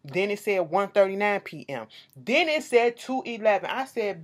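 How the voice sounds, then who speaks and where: A woman's voice: medium pitch, moderate pace. A woman, recapping a reality show in blunt, swear-filled casual commentary, often ending points with "okay?". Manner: blunt, animated, swears freely, says okay to close points.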